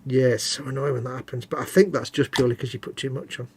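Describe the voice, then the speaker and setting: A man's voice: mid-range voice, steady tone, fast talker, a little hiss or hum. A British man co-hosting a live model-making stream, chatting casually and teasing his co-host while he works. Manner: chatty, teasing, laughs easily.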